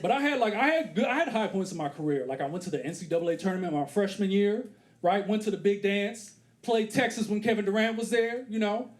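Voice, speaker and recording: A man's voice: high voice, fast talker. A man in his thirties doing stand-up comedy on a theater stage, acting out characters with big voice swings. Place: comedy theater stage before a live audience. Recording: live club recording with audience laughter.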